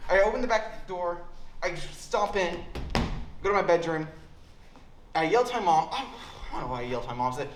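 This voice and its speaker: A young man telling a crude, deadpan comic story at a college open mic. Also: sits high, brisk, long pauses. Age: young adult. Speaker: stand-up comedian. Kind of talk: stand-up comedy storytelling. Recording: roomy hall with faint background noise.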